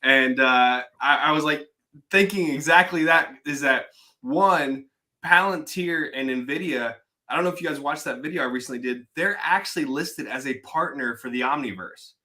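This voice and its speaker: Male guest, bright and forceful voice, eager and explanatory, casual chat. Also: fairly high pitch, normal speed. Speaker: podcast guest.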